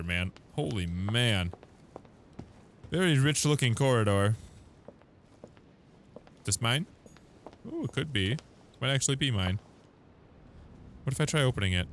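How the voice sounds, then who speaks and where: A man's voice: fairly low pitch, fairly bright tone, slight background noise. A chatty young man giving let's play commentary on a video game, laughing often. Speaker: gaming YouTuber.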